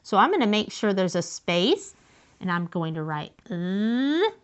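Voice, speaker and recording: A woman teaching young children to write sentences, sounding out letters slowly and praising them. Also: mid-range voice, sing-song, clear, resonant tone. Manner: slow and encouraging, sounding out letters. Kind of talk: early-grade writing lesson to children.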